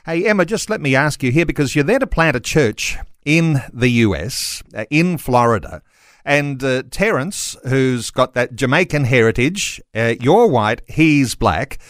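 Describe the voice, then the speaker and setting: Male radio host, measured. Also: mid-range voice, expressive, no room sound, clean studio sound. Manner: measured, with frequent "uh" pauses. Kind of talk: live radio interview.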